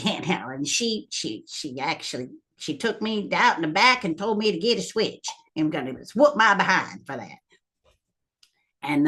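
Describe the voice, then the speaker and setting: A woman's voice: fairly low pitch, fairly bright tone. A woman telling a family story to her viewers in a casual, rambling way, full of ums and little laughs. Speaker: vlogger.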